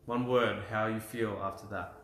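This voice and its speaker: A man leading a live emotional clearing session, guiding breathing and affirmations calmly, with frequent sighs. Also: on the low side, normal speed, a little hiss or hum. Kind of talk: guided healing session on a livestream. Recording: roomy with faint music.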